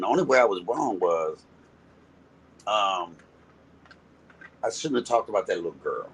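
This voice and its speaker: A man's voice: on the low side, very animated, moderate pace, fairly bright tone, slightly rough, rough recording. A man, ranting to his viewers in a profane, confrontational and mocking way. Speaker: live-streaming commentator. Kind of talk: casual rant to viewers.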